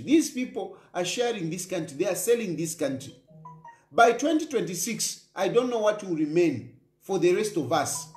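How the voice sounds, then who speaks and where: A man's voice: high voice, darkish tone, reverberant. A Zambian man hosting a political talk show, giving emphatic commentary and repeating his points. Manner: emphatic, repeats phrases, mixes in local language.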